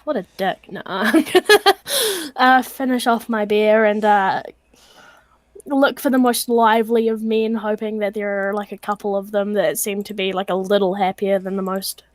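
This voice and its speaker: A woman's voice: mid-range voice, normal speed, no echo. A woman playing a tabletop game, giggly and playful in casual banter. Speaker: player.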